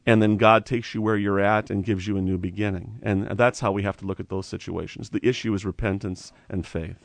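A man's voice: lowish voice, steady tone, a little fast, creaky, no room sound. A man in a conversational Bible study, explaining doctrine in an earnest, explanatory way.

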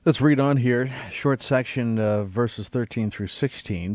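A man's voice: mid-range voice, measured pace, hardly any pauses, a little mellow, no echo. A man reading scripture aloud and reflecting on it in a conversational Bible study. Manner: reads scripture aloud, then reflects thoughtfully.

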